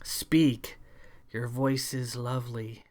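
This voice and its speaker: A man's voice: mid-range voice, little pitch movement, slow pace, darkish tone, natural voice. A man reading a science fiction audiobook, voicing a feral cat-like woman with claws and a tail, with a guttural, growling, purring accent and a taunting, playful manner. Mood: curious. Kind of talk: audiobook character voice.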